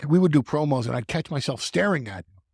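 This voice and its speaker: A man talking as a guest in a podcast conversation, animated and repeating words as he restarts his thoughts. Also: on the high side, quick pace, creaky, breathy edge, no echo, clean studio sound. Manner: animated, stumbling restarts, stretches words for emphasis. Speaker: wrestling manager guest.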